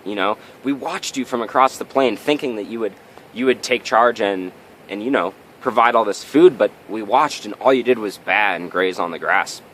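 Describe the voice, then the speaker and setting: A man's voice: on the low side, moderate pace, a bit bright, slight background noise, close to an everyday voice, low-quality recording. A man voicing a stern male lion pack leader in a spoken story, scolding in a voice close to his own.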